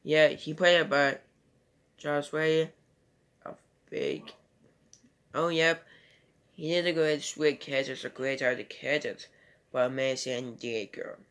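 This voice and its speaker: A man's voice: fairly high pitch, fairly even intonation, slow, pauses often, a bit bright. A man giving a casual home video movie review and retelling scenes in a rambling, loosely strung way.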